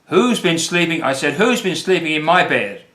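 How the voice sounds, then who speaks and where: A man voicing a big male papa bear in a storybook reading, loud and indignant. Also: a little high, normal speed, pitched above the performer's own voice, lightly acted. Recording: roomy echo.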